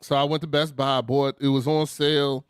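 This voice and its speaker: A man's voice: medium pitch, moderate pace, clean tone, no room sound, studio quality. A man, telling funny stories in a casual chat and laughing often. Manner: animated, laughing storyteller with slang. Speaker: podcast co-host.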